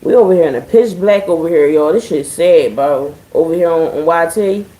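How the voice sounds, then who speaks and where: A chatty woman talks straight to her viewers in a mellow, warm voice, swearing freely with dry sarcasm. Her voice carries a roomy echo, like a live stream from home. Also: deep voice, brisk. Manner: chatty, profane, addressing viewers as y'all. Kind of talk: casual live-stream chat.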